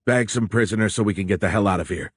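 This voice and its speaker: A man's voice: on the low side, fast, husky, no echo. A male narrator voicing a principled young submarine executive officer who roars and barks orders in an audiobook. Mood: commanding. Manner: roaring orders. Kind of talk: audiobook character voice.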